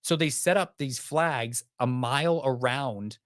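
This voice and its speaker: Brief: man, podcast guest, animated storyteller, mid-range voice, dry studio sound. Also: medium pitch, measured pace, no echo. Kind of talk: storytelling in an interview.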